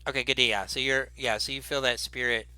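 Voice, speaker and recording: A man's voice: mid-range voice, fairly even intonation, quick pace, pushed and bright, smooth, soft background music. A man running a tabletop game as game master, laid-back and rambling with lots of fillers.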